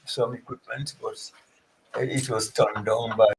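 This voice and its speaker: Gravelly co-host chiming in. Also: male voice, mid-range voice, fairly even intonation, unhurried, poor audio. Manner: chimes in with short remarks. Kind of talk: radio talk show.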